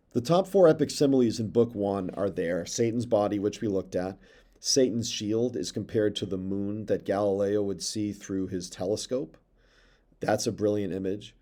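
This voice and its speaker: Guy teacher lecturing on poetry, kinda low mellow voice, gets excited, reads verse slow. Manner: enthusiastic, reads verse aloud slowly. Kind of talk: lecture on a poem.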